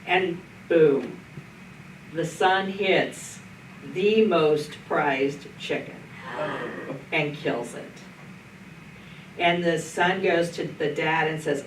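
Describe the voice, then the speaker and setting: In a church meeting room, a middle-aged woman pastor shares stories during a group Bible study discussion, folksy and anecdotal with many restarts. She speaks slowly in a lowish voice, pausing often, and the recording is roomy with a distant mic and faint noise.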